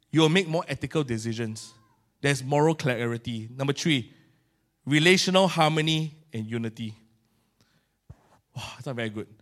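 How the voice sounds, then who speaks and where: A middle-aged man with a Singaporean English accent preaching a sermon in a colloquial, animated way, acting out little scenes. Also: a little high. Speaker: pastor.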